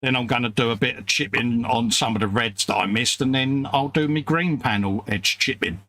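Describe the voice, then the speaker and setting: Male co-host, easygoing teasing chat, mid-pitched voice. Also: brisk, pushed and bright, no echo. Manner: laid-back, teasing, reads chat messages aloud. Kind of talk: casual live-stream chat while painting models.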